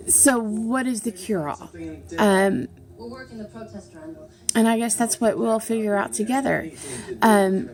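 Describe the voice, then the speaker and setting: Halting, earnest middle-aged woman. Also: on the high side. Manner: halting, earnest, frequent pauses and restarts. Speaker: vlogger. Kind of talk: personal confessional vlog.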